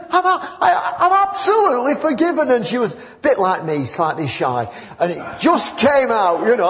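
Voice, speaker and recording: A man's voice: medium pitch, a little mellow. A man gives a loose, story-filled sermon, wandering between anecdotes before pressing his point with fervour. The recording is dull and muffled. His voice rings with the long reverb of a church hall. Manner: rambling, conversational, rising to fervent emphasis. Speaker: preacher.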